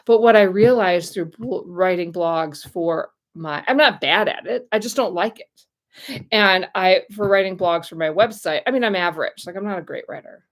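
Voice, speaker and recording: A woman's voice: lowish voice, normal speed, hardly any pauses. An American woman in her forties chatting casually to camera, bubbly and rambling with lots of fillers. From United States. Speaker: vlogger and relocation consultant.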